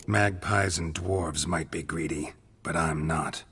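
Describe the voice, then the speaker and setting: An actor playing a gruff middle-aged monster hunter in a video game, speaking in dry, clipped, unhurried lines. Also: male voice, extremely low pitch, steady tone, a bit bright, heavily acted.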